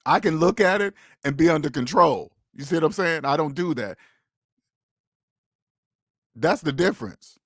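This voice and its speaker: A man with a somewhat high voice talks straight to his viewers on a casual livestream. He lectures with emphatic, preachy repetition. The sound is close and dry, with no room around it. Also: lively intonation, moderate pace, long pauses, a bit bright, no echo. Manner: emphatic and preachy, repeats phrases, addresses viewers directly. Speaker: host of a personal finance livestream.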